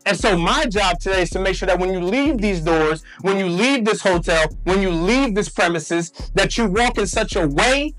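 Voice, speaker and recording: Guy hyping up a crowd on stage, high voice, live event with faint music behind. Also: normal speed, hardly any pauses, a bit bright. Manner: hype, call-and-response with the crowd. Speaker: motivational speaker. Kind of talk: energetic stage talk. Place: hotel event hall with a live audience.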